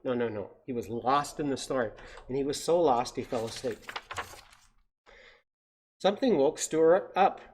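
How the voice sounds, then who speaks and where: A man's voice: mid-range voice, a little fast, slight background noise. A man reading a picture book aloud at a children's story time, stopping often for playful, chatty asides to the audience. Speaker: story time reader at a science center.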